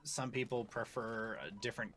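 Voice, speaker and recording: A man's voice: medium pitch, steady tone, moderate pace, a bit bright. A man chatting on a game stream, earnest and hesitant, with many fillers. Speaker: co-player. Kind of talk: casual gaming-stream chat.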